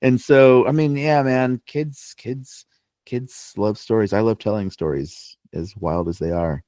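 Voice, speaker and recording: A man's voice: fairly low pitch, steady tone, unhurried, darkish tone, no room sound. A young man co-hosting a podcast, chatting casually and telling playful, joking stories. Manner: playful storyteller, joking and teasing. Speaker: podcast co-host. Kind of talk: casual chat.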